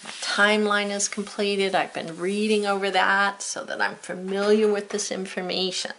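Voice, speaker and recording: A woman with a gravelly, creaky edge to her mid-pitched voice leads a home video lesson for children. She talks slowly and clearly while she writes, encouraging the kids at every step. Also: little pitch movement, background noise. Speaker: homeschool teacher.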